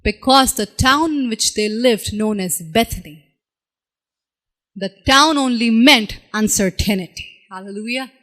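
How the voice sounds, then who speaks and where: A woman delivers a sermon in a high, bright, ringing voice. She keeps asking her listeners rhetorical questions and acts out the people she quotes, with big jumps in pitch. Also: unhurried. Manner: repetitive rhetorical questions to the congregation. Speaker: preacher.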